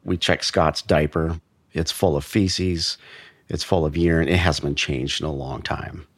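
Deep-voiced male investigator, plain blunt storyteller, dry close sound. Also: fairly even intonation, no room sound. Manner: measured, blunt, with frequent restarts. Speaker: former investigator recounting a case. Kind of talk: true crime storytelling.

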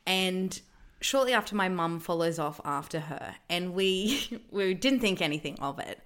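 Chatty woman, lowish voice. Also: lively intonation, unhurried, a bit bright. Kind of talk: casual storytelling chat.

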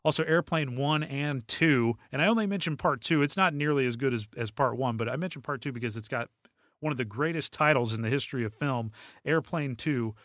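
On his solo podcast, this male host talks casually and briskly in a medium-pitched voice, rambling with many fillers and restarts in a relaxed manner. The recording is dry and studio quality.

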